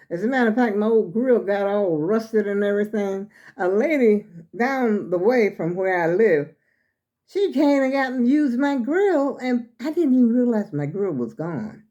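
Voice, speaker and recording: A woman's voice: medium pitch, warm tone, muffled recording. An older woman, chatting casually to her viewers as she shows her skirts, a little out of breath. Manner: chatty and rambling, addresses viewers as y'all. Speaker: vlogger showing her clothes.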